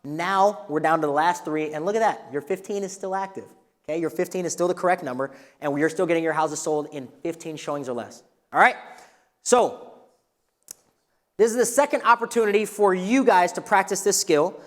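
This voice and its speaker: A man's voice: sits high, fairly quick. Man coaching a room in a reverberant hall. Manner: energetic, coaching, asks the room questions. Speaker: real estate trainer. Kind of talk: live workshop teaching. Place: training room with a live audience.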